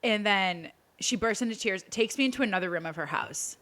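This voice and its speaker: This young woman has a bright, forceful voice and tells a story animatedly in a casual podcast chat. She acts out the quotes of everyone in the story as she goes. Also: medium pitch, a little fast. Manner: animated retelling with acted-out quotes. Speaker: podcast co-host.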